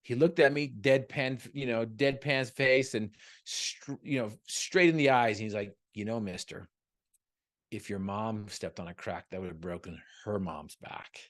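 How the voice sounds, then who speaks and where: A man with a lowish voice gives an earnest motivational talk over a video call. He mixes jokes and stories into the talk and keeps an upbeat, encouraging tone. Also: measured pace, a bit bright. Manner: joking, storytelling, earnest and upbeat. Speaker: motivational speaker, guest.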